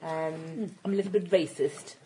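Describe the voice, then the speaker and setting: A woman's voice: fairly low pitch, dark tone. Playful woman player, noisy recording. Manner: playful, giggly asides. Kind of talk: casual tabletop chat.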